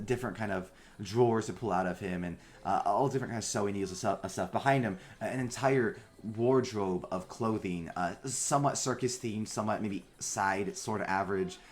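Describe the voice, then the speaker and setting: A man narrating a tabletop game as game master, halting with many fillers. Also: on the low side.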